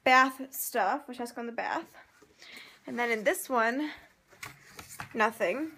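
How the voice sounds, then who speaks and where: A woman's voice: on the high side, unhurried, bright, forceful tone, husky. A young woman chatting through a casual vlog, rambling and dramatic. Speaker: vlogger.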